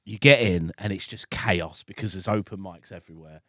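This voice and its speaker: A man's voice: deep voice, brisk, no echo. A man co-hosting a podcast in casual chat, telling rambling, sweary stories into a close mic. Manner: rambling, sweary storytelling with lively swings. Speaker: podcast co-host.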